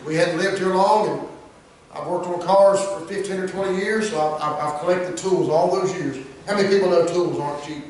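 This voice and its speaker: A man preaching a sermon as pastor, swinging between loud high cries and low hushed asides. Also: steady tone, moderate pace. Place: church. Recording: echoey church room miked from far off.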